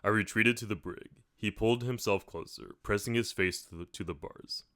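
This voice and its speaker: A man reading a novel aloud in plain, steady first-person narration. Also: on the low side, moderate pace, no room sound, studio quality. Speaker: audiobook reader.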